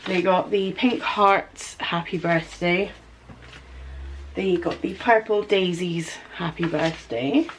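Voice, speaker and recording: A woman in her thirties chatting through a casual vlog as a small business owner, gushing and excitable with chatty asides. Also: lowish voice, takes it slowly, a little hiss or hum. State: out of breath in places. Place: home studio office.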